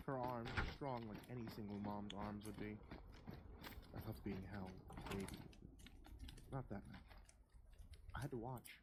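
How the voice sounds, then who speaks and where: A storyteller narrating a spooky first-person Christmas story in a slow, measured, hushed way. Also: medium pitch, heavy background noise. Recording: loud keyboard typing behind.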